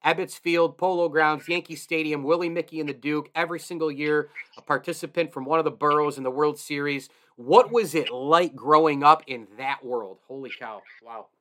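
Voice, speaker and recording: A man's voice: fairly high pitch, fairly even intonation, moderate pace, few pauses, pushed and bright. Enthusiastic male sports talk host. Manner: enthusiastic, effusive fan. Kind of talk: casual interview.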